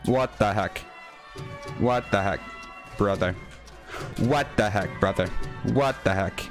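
A young man commentating a video game as he plays it, excitable and quick to yell when he fails. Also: on the low side, music in the background. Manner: excitable, yells and whines when failing. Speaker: gaming channel host. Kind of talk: live gameplay commentary.

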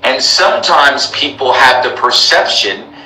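A man's voice: medium pitch, animated, a little slow, pushed and bright, roomy sound, far from the mic, slight background noise, poor audio. An American man who teaches English, speaking emphatically in a live interview, repeating himself and addressing his followers. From United States. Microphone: laptop call.

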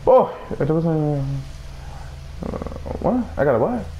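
Excitable, foul-mouthed man, lively pitch. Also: a little slow, dull audio. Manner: excitable, swears a lot, talks to himself. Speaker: let's play gamer. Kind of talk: playing a video game. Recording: noisy recording.

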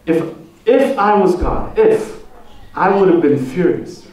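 A man preaching a sermon as pastor, posing slow, deliberate rhetorical questions to the congregation. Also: high voice, very animated, darkish tone, distant mic. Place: church sanctuary. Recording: echoey church hall, voice from off the mic.

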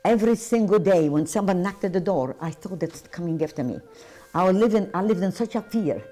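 Older woman recounting wartime memories, halting. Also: on the low side, expressive, warm tone. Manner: emotional, halting, intense retelling. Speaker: Holocaust survivor interviewee. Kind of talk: personal testimony.

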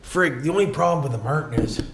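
A man's voice: on the high side, quick pace. A man from Canada, chatting folksy and casual in a vlog, dropping "eh" and "friggin' right" all the time. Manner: folksy, repeats tag phrases like "eh" and "friggin' right". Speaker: vlogger. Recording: echoey space with faint noise.

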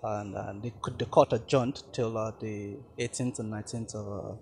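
A man's voice: fairly low pitch, steady tone, normal speed, vocal fry, darkish tone, a little hiss or hum. A man, a defense lawyer briefing reporters in formal legal language with hesitant restarts. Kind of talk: press briefing.

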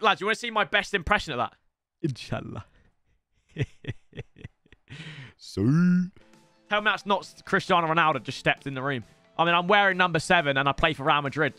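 A young man giving casual, excitable gameplay commentary, swearing and breaking into shouts. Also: high-pitched, dry recording. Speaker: gaming YouTuber. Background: faint game music.

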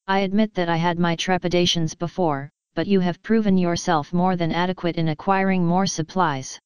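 A woman's voice: on the low side, steady tone, moderate pace, darkish tone, clear, resonant tone, no echo, highs cut off, close to an everyday voice. A woman reading as a stiff, fussy male tech priest. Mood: formal. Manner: stiff, formal, condescending.

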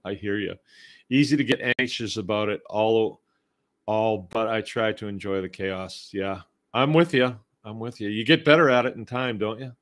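A middle-aged man hosting a homesteading show, talking in a relaxed, rambling, conversational way as he reads out and answers listener comments. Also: fairly low pitch, normal speed. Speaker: homestead podcast host. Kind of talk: casual live-show talk reading listener comments.

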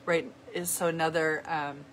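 Low-voiced middle-aged woman, earnest. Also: flat delivery, slight background noise. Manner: earnest, halting, with many restarts. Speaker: vlogger. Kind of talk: heartfelt casual talk to viewers.

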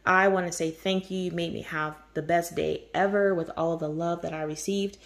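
Gushing woman with a lowish voice. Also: steady tone, normal speed, creaky. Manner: gushing, effusive, laughs often. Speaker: host of a coloring channel. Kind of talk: casual chat showing birthday gifts.

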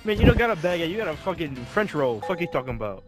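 High-voiced young man bickering playfully. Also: big pitch swings, fast, over music. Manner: bickering, mock-insulting friends. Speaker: gamer. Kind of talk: casual gaming banter.

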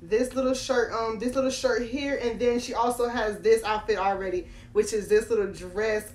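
A teenage girl from Florida excitedly unboxing on her phone, talking straight to her viewers. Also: on the high side, moderate pace, hardly any pauses. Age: late teens. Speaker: doll collector vlogger. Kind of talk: casual unboxing vlog. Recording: echoey room, faint background noise.

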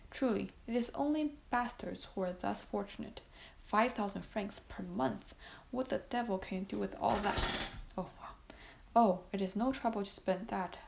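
A woman's voice: mid-range voice, vocal fry, a little mellow. A woman reading a classic novel aloud as audiobook narration, voicing the dialogue in much the same voice, with small slips. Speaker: audiobook reader.

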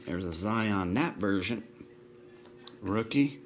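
Casual male card breaker, deep-ish, unhurried, rattles off names with dry remarks. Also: a little hiss or hum. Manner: reels off names in a flat list, with dry asides. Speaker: trading card box breaker. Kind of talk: casual running commentary while opening card packs.

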